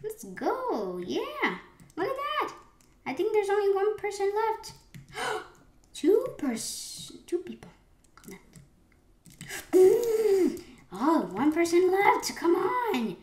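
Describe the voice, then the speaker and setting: Slow-talking excitable woman gamer. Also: extremely high pitch. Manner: excitable, with sudden gasps and rambling restarts. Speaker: gaming channel host. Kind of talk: live gameplay commentary. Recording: roomy echo with faint keyboard clicks.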